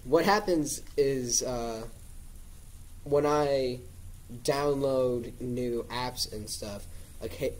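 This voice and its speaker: A man's voice: medium pitch, drawn-out words, long pauses, darkish tone, low-quality recording. A teenage boy co-hosting a casual podcast, joking and laughing easily. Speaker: podcast co-host. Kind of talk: casual chat.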